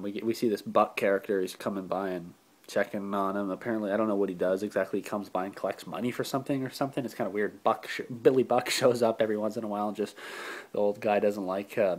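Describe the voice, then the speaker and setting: Rambling low-voiced man recapping a movie. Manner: rambling, many fillers and restarts; swears casually. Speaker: movie reviewer. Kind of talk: casual plot recap.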